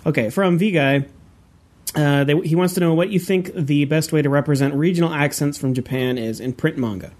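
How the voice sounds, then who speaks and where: Relaxed podcast host reading questions. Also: medium pitch, brisk. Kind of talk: casual panel discussion.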